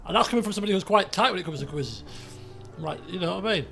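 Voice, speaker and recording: A man streaming a geography guessing game, chatty and excitable, swearing and breaking into shouts when frustrated. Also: high-pitched, rapid-fire, gravelly, faint music behind. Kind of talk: casual live-stream commentary while playing a geography guessing game.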